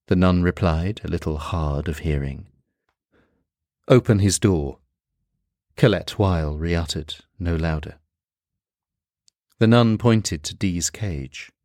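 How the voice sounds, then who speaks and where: Guy reading a story out, low voice, slow and steady, dry recording. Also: no room sound. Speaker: narrator. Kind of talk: scripted narration.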